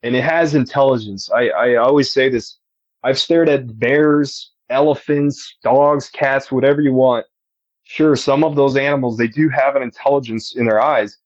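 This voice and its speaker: A man's voice: medium pitch, moderate pace, dry recording, dull audio. A man telling, earnestly and with emphasis, about a personal encounter as a guest on a podcast. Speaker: eyewitness guest.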